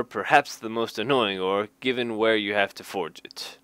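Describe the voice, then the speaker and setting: A man's voice: on the low side, moderate pace, hardly any pauses, fairly bright tone, clean tone, no echo. A man casually reading game card text aloud, cracking jokes, laughing at them, and adding dry asides. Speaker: gaming YouTuber reading card flavor text.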